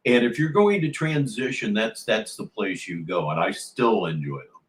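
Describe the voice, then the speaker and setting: A man's voice: lowish voice, animated, moderate pace, echoey room. Sarcastic rambling male streamer. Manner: sarcastic, rambling, swears casually. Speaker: livestream host. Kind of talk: casual commentary over played clips.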